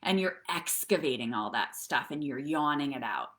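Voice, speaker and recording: With a very deep yet fairly bright and expressive voice, a middle-aged woman coaches viewers through breathwork and tapping on a live stream. This wellness coach speaks at a moderate pace, chatty and frequently asking "okay?" and "right?"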